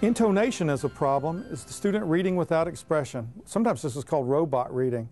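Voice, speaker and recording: A man's voice: fairly high pitch, fast, music in the background. A man giving assured, plain-spoken explanations in an interview as a reading intervention expert.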